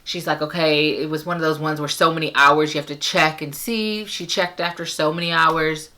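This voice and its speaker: A young woman vlogger casually telling her birth story to camera, animated and acting out the people she quotes. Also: normal speed. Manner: animated, acts out quoted voices with big pitch jumps. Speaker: parenting vlogger.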